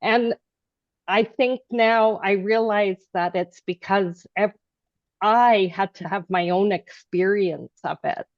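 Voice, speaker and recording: A woman sharing a personal story in a casual group chat, rambling and restarting, now and then bursting into loud, animated remarks. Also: mid-range voice, takes it slowly, no room sound, dull audio. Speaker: group participant.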